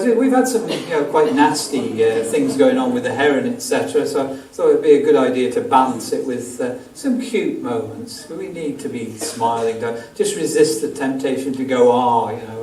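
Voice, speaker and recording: Here the same kind of talk comes in a medium-pitched, darkish voice at a moderate pace: a guest wildlife photographer rambling self-deprecatingly through moth slides for a club, um-ing often. The theatre auditorium sounds echoey and distant, with a faint hiss.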